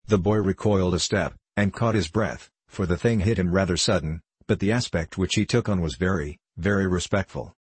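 A man's voice: low voice, brisk, few pauses, husky, dry recording. A man narrating an audiobook in the first person, with a wry storytelling manner.

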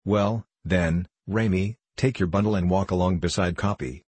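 A patient older showman, gentle and unhurried, as a man narrating voices him. His deep voice has a husky grain. The sound is dry and close, like a storybook reading. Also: no echo. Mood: firm.

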